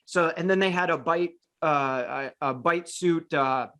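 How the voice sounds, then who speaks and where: A man's voice: a little high, measured pace, sharp tone. A man hosting a casual talk show, telling long stories with frequent restarts and fillers. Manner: rambling with many restarts and fillers. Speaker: podcast host and dog trainer. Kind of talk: casual storytelling chat.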